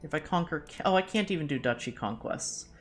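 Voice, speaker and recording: A woman streamer giving live commentary as she plays, chatty and thinking out loud, with jokey self-deprecating asides. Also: deep voice, expressive, a little fast, soft background music. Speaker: VTuber streamer.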